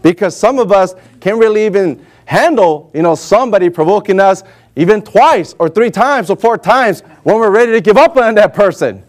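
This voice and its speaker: A man delivers a sermon in a church, reading scripture aloud and acting out the figures in it. His voice sits high for a man. He talks with lively, animated energy. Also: normal speed. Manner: animated, acts out voices for Moses and God. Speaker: preacher. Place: warm indoor church hall.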